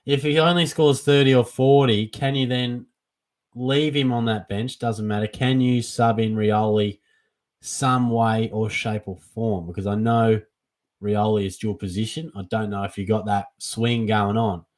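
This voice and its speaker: A young Australian man hosting a casual live Q&A for a fantasy football stream, chatty and relaxed, calling everyone mate. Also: on the low side, a little slow. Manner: laid-back and chatty, calls everyone mate. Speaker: fantasy football livestream host. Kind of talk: casual live Q&A, reading chat questions.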